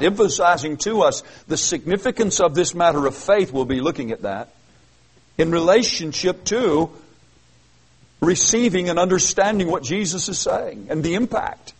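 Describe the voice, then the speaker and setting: A man whose voice sits on the high side and is expressive and slightly rough preaches at a moderate pace. In this expository sermon he reads verses and earnestly unpacks them, emphatic and repetitive, with frequent restarts, all on a rough recording.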